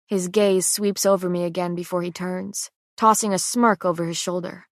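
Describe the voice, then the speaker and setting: A woman's voice: lowish voice, flat delivery, moderate pace, few pauses, fairly bright tone, no echo, studio quality. Woman narrating a fantasy audiobook. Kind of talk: scripted first-person audiobook narration.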